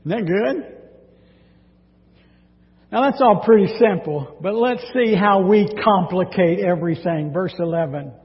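High-voiced animated preacher in echoey hall. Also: male voice, measured pace, long pauses. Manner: animated preaching, dramatic scripture reading. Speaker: pastor. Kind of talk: sermon. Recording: dull sound with long hall reverb.

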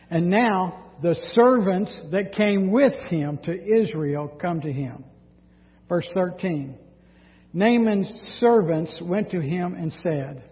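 A man preaching a sermon, reading scripture dramatically and speaking in an animated way. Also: high-pitched, takes it slowly. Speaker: pastor. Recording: dull sound with long hall reverb.

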